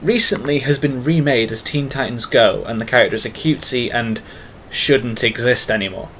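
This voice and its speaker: A British man chats to camera for a tag video, long-winded and filler-heavy, poking fun at himself along the way. His mid-range voice has a fairly bright tone and moderate pace, with a little background noise.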